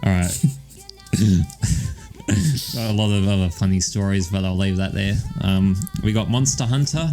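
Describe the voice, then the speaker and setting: A man's voice: sits low, fairly even intonation, moderate pace, pauses often, warm tone, soft background music. A young man chatting casually as podcast co-host, rambling and swearing, with lots of ums. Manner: rambling and profane, with many ums and "all right"s. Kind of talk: casual chat.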